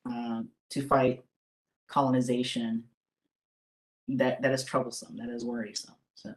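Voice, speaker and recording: A presenter leading a live webinar over a computer microphone, talking casually with many fillers and restarts. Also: medium pitch. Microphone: computer microphone on a video call.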